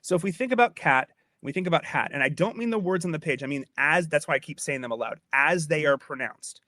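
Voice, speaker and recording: This man talks fast, with a fairly high pitch and a bright, forceful tone, and there's no echo. He's a podcast host explaining Old English poetry in a casual lecture, chatty and slightly wine-tipsy, frequently restarting or repeating phrases and making sure the listener keeps up.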